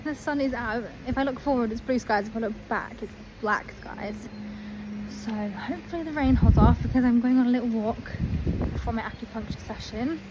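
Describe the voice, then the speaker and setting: A woman's voice: a little high, fairly even intonation, a little fast, echoey room, noisy background. A young woman in casual chat to camera, rambling with lots of "like", filming herself on a phone outdoors on a walk. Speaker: lifestyle vlogger.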